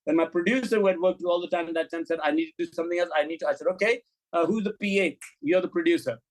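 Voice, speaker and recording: High-pitched guy, middle-aged director, swears a lot, acts out every quote. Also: quick pace, rough recording. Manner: animated anecdotes, blunt and profane, acts out quoted dialogue. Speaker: film director, guest. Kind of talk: candid interview storytelling.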